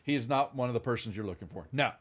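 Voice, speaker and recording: A man's voice: mid-range voice, lively intonation, very fast. A man running a tabletop game as game master, narrating loosely with lots of fillers. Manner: loose, rambling, full of fillers.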